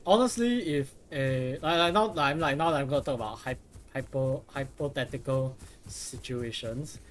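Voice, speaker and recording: A man's voice: medium pitch, normal speed. A young man streaming a game, chatting casually in a rambling, profane way with lots of restarts. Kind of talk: casual live gameplay commentary.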